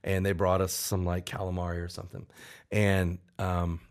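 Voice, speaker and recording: A man with a very low voice tells a personal story in a casual interview. He rambles and restarts, quoting people as he goes. He sounds like a songwriter in his forties being open about his past. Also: monotone, moderate pace. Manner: candid, rambling, with restarts and acted-out quotes. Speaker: songwriter guest.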